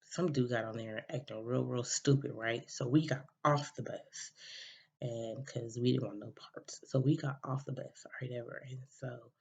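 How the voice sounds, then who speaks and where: A woman's voice: a bass voice, fairly even intonation, normal speed, gravelly, a little mellow, slightly rough. A woman hosting a podcast, telling a personal story in a rambling casual way, full of fillers and restarts. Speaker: podcast host. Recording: dull lo-fi recording.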